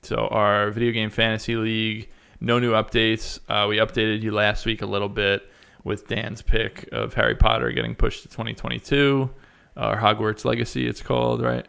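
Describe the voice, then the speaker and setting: Male podcast co-host, low gravelly voice, bright and clear, loose chatty delivery. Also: flat delivery, moderate pace. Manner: loose, chatty, many fillers. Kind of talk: casual gaming podcast chat.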